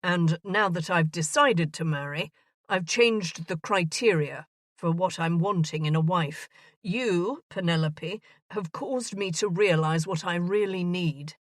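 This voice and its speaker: A woman voicing an earnest, bumbling gentleman of thirty proposing marriage in a romance audiobook. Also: lowish voice, unhurried, no echo, clean studio sound, lightly acted.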